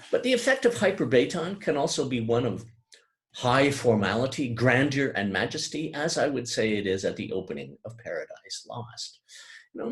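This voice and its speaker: Guy teaching poetry, voice goes way up and down, slows right down to read verse. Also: medium pitch. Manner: thoughtful, reads quoted verse slowly and gravely. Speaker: lecturer. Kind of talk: lecture on poetry.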